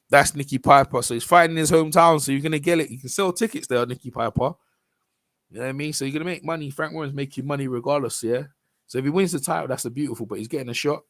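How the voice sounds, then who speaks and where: A man from London, England, speaks in a mid-range voice with no room sound. Hosting a boxing channel, he rambles casually over a fight video in an informal way, often restarting and using fillers.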